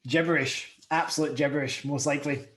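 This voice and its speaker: A man from Scotland with a softened Scottish accent, hosting a casual podcast interview in an easygoing, candid way. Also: a little high, steady tone, fairly quick. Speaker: podcast host.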